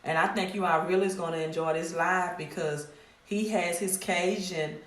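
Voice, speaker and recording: A woman's voice: fairly low pitch, fairly even intonation, normal speed. A middle-aged woman with a Mississippi accent, hosting a casual live stream about her credit repair business in a direct, scolding way that repeats points. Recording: echoey room.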